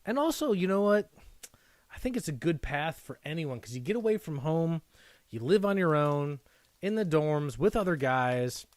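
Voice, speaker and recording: Excitable man hosting a card break. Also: a little high, moderate pace, no echo. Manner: excitable, gasping and whooping at pulls; chatty, rambling asides. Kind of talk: live card-break commentary.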